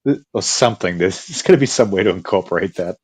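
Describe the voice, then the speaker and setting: A man's voice: low voice, animated, fast, husky, no echo. A man co-hosting a podcast in teasing, joking casual chat. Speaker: podcast co-host.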